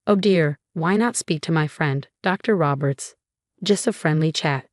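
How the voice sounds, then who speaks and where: A scheming, sneering mother-in-law from a told story, read by a woman narrator. The voice stays low and dry. She sounds much like the narrator herself. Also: unhurried, no room sound.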